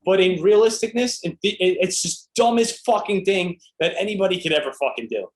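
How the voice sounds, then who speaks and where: A man with a high voice, ranting on a podcast. He gives profane, opinionated takes. His voice rings in a roomy, echoey space. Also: fairly quick. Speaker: podcast co-host. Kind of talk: casual podcast chat.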